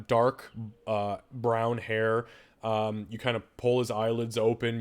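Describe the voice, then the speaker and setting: A man running a tabletop game as game master, describing scenes in casual, conversational narration. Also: mid-range voice.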